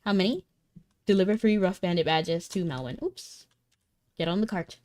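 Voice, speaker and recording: A woman's voice: fairly low pitch, moderate pace, a little mellow. A young woman chatting casually with viewers while streaming a game, bubbly and talkative. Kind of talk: casual live-stream chat. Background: faint game music.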